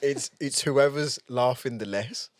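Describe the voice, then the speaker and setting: A man's voice: mid-range voice, unhurried, no echo. A man hosting a casual dads' podcast, easygoing as he chats and signs off the show. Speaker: podcast host. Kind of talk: casual chat among dads.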